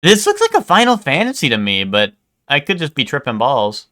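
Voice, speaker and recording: A man's voice: a little high, huge pitch swings, brisk, pushed and bright. A man live-streaming, chatting casually with his viewers in a rambling way, full of "like" and "um" and casual swearing.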